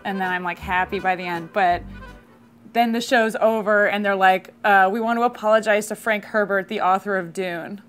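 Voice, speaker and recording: A young woman tells a comic story about her childhood with a dry, deadpan wit and throws in casual asides. She speaks at an even middle pitch. Music plays steadily underneath her voice. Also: normal speed. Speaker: comedian. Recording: music playing behind.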